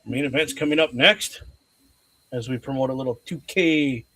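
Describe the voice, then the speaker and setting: A man co-hosting a live watch-along show, eager and excitable, laughing often. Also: mid-range voice, moderate pace, dry recording. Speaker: co-host.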